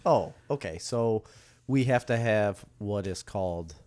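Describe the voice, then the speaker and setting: A man co-hosting a podcast in casual chat. He is playful, laughs often and chimes in with quick remarks. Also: on the low side, a little mellow. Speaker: podcast co-host.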